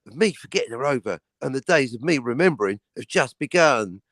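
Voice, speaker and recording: Man reading as a young english robber, in-control pro, lively swings in pitch, dry sound. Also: fairly quick, dry recording. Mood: weary. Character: young working-class English male robber, cool and in control.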